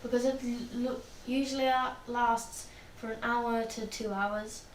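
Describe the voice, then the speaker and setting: A woman's voice: fairly high pitch, steady tone, a little slow, a crowd in the background. A woman casually narrating a fan story role-play, chatty and rambling. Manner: rambling, chatty, laughs often. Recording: echoey room, distant mic, faint noise.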